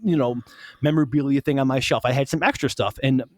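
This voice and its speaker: A man's voice: medium pitch, fast, a little mellow, no echo, studio quality. A man co-hosting a podcast, telling a story in casual chat, profane and laughing often. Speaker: podcast co-host.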